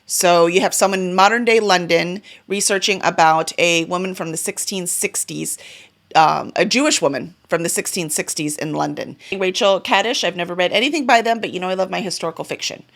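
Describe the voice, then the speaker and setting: A book vlogger and publisher talks briskly through the books on her reading list in a casual vlog. Her voice is fairly low, gravelly and a bit bright, and she sounds chatty and enthusiastic, dropping in fillers and small self-corrections.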